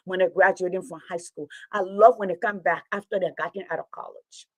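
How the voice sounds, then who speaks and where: A woman's voice: on the low side, steady tone, a little fast, no echo, poor audio. A woman, a teacher talking straight to her online audience in an impassioned, preachy monologue, repeating her points for emphasis.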